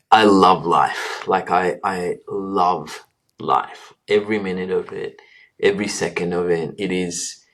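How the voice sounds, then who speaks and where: A man with a very deep voice talks earnestly about his life in a long interview answer. He often pauses with fillers and restarts his sentences. He is a doctor in his thirties. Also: steady tone, fairly bright tone. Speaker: guest, doctor.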